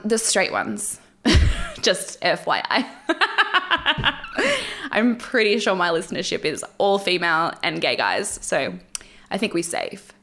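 A woman's voice: mid-range voice, fairly bright tone. A woman hosting a solo podcast at home, recapping a show in a candid, wry, chatty way with frequent laughs. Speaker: podcast host. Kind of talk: solo casual recap commentary. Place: at home alone with her cats.

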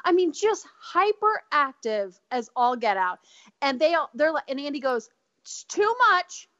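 Woman, high voice, podcast co-host, animated gossipy storytelling, dry close sound. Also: normal speed, dry recording, lo-fi sound. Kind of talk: casual chat.

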